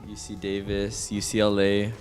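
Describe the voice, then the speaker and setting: A teenage boy student speaking in a flat, listing way. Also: fairly low pitch, normal speed, faint music behind. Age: teens. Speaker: student interviewee.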